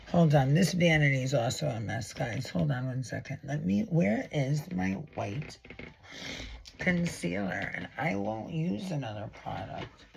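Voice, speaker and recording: A man's voice: on the high side, expressive, a little slow, creaky, background noise. A man in his forties, a makeup artist and educator, giving a casual makeup tutorial in a sassy, dramatic, rambling way, with lots of asides and swearing.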